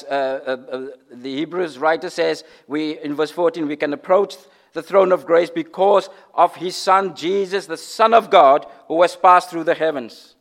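Male preacher, high voice, sermon delivery, repeats phrases, drops from loud to hushed. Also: unhurried, few pauses. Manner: dramatic swings from loud declarations to hushed near-whispers.

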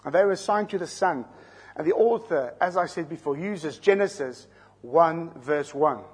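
A man's voice: on the high side, moderate pace, a little mellow, husky. A man with a South African accent preaching an expository sermon, explaining scripture verse by verse and putting questions to his listeners. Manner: teaching, explains terms, asks the listeners questions.

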